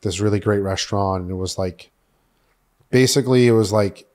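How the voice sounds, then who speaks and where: A man's voice: fairly low pitch, a little fast, a little mellow. A young man from New York City as a podcast guest, candidly telling his story in a rambling, profane way, full of "like" fillers.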